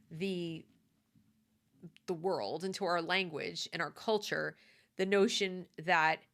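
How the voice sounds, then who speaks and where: Lower-voiced woman, emphatic commentary monologue, conversational and repetitive. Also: fairly bright tone. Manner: emphatic, conversational, repeats points.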